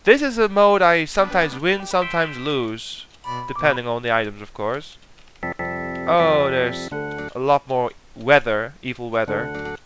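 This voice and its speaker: A man chatting through a computer game as he plays, reading the clue texts aloud and muttering when he guesses wrong. His voice is mid-pitched and ordinary, and plucked-guitar game music plays clearly behind him. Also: expressive, unhurried. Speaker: let's play commentator. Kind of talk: casual gameplay commentary.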